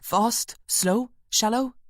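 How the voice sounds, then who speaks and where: A woman narrator voicing a calm male first aider, asking quick, steady, matter-of-fact questions. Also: a little high, no echo, clean studio sound, voice pushed up. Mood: brisk.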